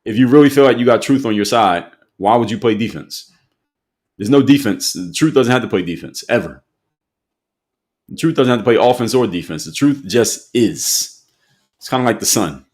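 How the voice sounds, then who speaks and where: A man's voice: medium pitch, moderate pace, a little mellow. A man hosting an opinion commentary show, speaking emphatically and repeating his points for effect.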